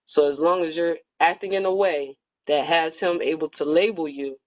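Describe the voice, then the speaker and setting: A woman's voice: deep voice, moderate pace. A woman in a casual book club conversation, telling a personal story in a reflective, storytelling manner. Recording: muffled lo-fi audio.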